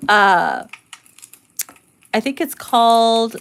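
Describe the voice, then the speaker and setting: A woman tarot reader talks straight to her viewers in a loose, casual reading. She swears freely, laughs often and slips into slangy acted-out voices. Her voice sits a little higher than most women's. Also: extremely slow, a bit bright, smooth. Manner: blunt, profane and laughing often; slangy, acts out quoted lines in playful voices.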